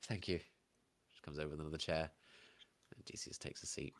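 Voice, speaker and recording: A man's voice: very deep voice, monotone, normal speed. A man running a tabletop game as game master, narrating scenes in a chatty, laughing way.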